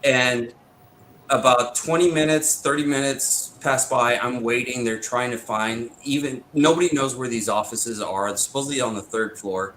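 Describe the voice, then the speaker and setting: A man's voice: medium pitch, fairly bright tone, a little hiss or hum, rough recording. A man, a veteran guest on an interview show, telling his own story and quoting the back-and-forth of past arguments in an indignant, insistent way. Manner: retells exchanges with quick back-and-forth quotes. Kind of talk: first-person storytelling.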